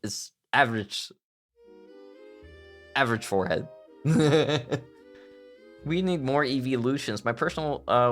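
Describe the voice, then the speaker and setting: A man's voice: medium pitch, a bit bright. A man streaming live as a VTuber, chatting casually and playfully, often giggling and bursting into theatrical outbursts. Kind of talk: casual livestream chat.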